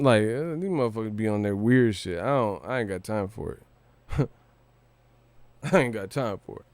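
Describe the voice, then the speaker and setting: A man's voice: lowish voice, lively intonation, normal speed, pauses often, a little mellow, no room sound, studio quality. Profane, joking young man ranting on stream. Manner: profane, joking, breaks into laughter and sing-song rhymes. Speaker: boxing livestream host. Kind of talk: casual livestream rant.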